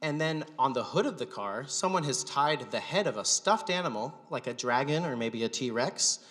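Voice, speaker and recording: A man hosting a live stand-up show, telling a story in a wry, deadpan way. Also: mid-range voice, moderate pace. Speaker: stand-up comedian and show host. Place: gallery venue with live audience. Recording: echoey gallery hall, long reverb.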